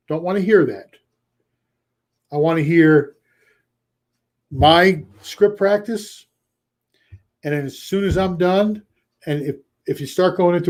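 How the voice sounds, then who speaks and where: A man hosting a live coaching show in casual talk to his chat. He is energetic, repeats key phrases for emphasis and acts out short role-play lines. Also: a little high, unhurried, long pauses.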